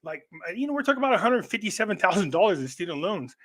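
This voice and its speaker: Rambling man with a slightly high voice. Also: sing-song, racing, a bit bright. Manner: rambling storyteller who keeps restarting his sentences. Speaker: guest on a live online show. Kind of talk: casual chat.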